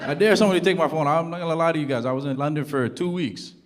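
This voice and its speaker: A man from Toronto doing a stand-up comedy set in front of a live audience, telling his stories in an animated way and acting out the voices of the people in them. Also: fairly high pitch, rapid-fire. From Toronto, Canada. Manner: animated storytelling, acts out quoted voices loudly. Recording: loud audience noise and laughter.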